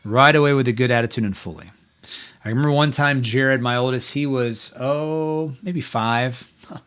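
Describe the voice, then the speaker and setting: A man's voice: medium pitch, moderate pace, a bit bright, smooth. A middle-aged man hosting a podcast, giving faith-based parenting talk in an earnest, encouraging, conversational way. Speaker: podcast host.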